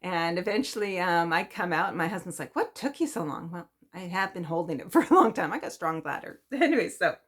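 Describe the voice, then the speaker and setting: A woman vlogger telling a story in a chatty, animated way, often laughing. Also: lowish voice, fairly quick, few pauses. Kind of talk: casual storytelling.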